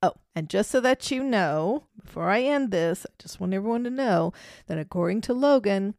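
Gravelly middle-aged woman, podcast co-host. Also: medium pitch, lively intonation, moderate pace, a little mellow, dry recording, clean studio sound. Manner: chatty, explains research. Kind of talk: casual chat.

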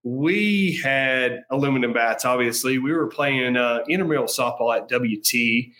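A man's voice: medium pitch, measured pace, pushed and bright. A man telling stories as a podcast guest, laughing often and restarting as he talks. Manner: laughs often, repeats and restarts as he tells the story. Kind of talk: casual storytelling.

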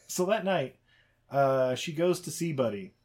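A man's voice: on the high side, expressive, unhurried, darkish tone, slightly rough. A man co-hosting a podcast who rambles and swears, laughing as he retells a movie plot. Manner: rambling, profane, laughs through his retelling. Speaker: podcast co-host. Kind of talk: casual movie recap chat.

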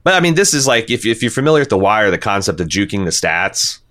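A man's voice: fairly low pitch, sing-song, quick pace, fairly bright tone. A man hosting a casual podcast discussion, talking in a rambling way with many restarts and fillers. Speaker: podcast host.

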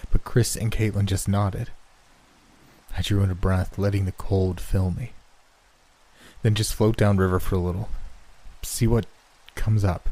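Horror storyteller: man, very low and mellow voice, measured, somber scripted narration. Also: creaky, low-quality recording.

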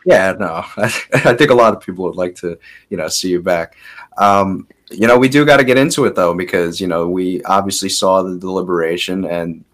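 A man hosting a podcast, asking questions in a relaxed, casual way with many filler words. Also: deep voice, fairly quick, poor audio. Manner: relaxed, hedging with frequent fillers. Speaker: podcast host.

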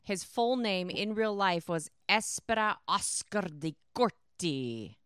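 A woman co-hosting a comedic talk show, trading quick, teasing banter in casual chat. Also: mid-range voice, very animated, a bit bright, smooth, no room sound, studio quality.

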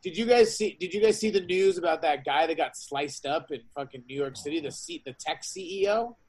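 A man co-hosting a casual podcast, quick and excitable, swearing freely. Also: on the high side, slightly rough, poor audio. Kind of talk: casual chat.

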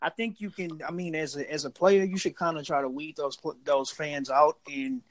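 A man in casual sports chat on a podcast, making his points in a measured way and weighing both sides. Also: on the high side, fairly even intonation, no echo, rough recording.

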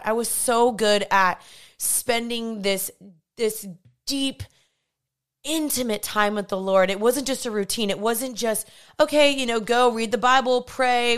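Young woman vlogger, smooth clear voice, chatty and earnest, lots of quick asides. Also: medium pitch. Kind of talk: casual confessional vlog talk.

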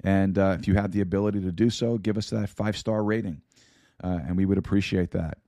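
A man with a scratchy, hoarse voice reads podcast announcements, stumbling over words and filling gaps with "uh". His voice sits very low and mellow, recorded dry and close. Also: steady tone, brisk, dry recording. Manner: rambling with stumbles and fillers. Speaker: podcast host. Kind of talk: casual announcements.

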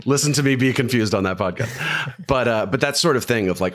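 Low-voiced guy on a podcast, rambling and restarting a lot, casual film chat. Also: normal speed. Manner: meandering, self-interrupting analysis with many fillers. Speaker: podcast co-host discussing films.

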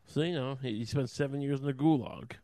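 A man delivers a rambling solo rant as a podcast host, swearing freely and turning heated. His voice sits at an ordinary middle pitch. It is recorded close and dry, with no room sound. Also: brisk, mellow, no room sound.

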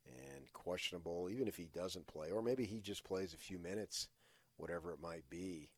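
A man's voice: deep voice, normal speed, husky, no echo. A man hosting a sports radio show, giving emphatic, opinionated takes in casual talk with frequent "uh" fillers.

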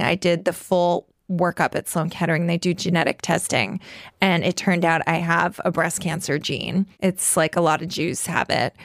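A woman in her forties from New York, telling a personal story as a guest with blunt, profane candor and quick run-on bursts full of "like". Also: on the low side, no room sound, studio quality. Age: 40s. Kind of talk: candid personal storytelling in conversation.

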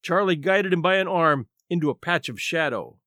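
A man narrating a classic short story, reading in an expressive, measured way. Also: fairly high pitch, no echo, studio quality. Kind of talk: scripted audiobook narration.

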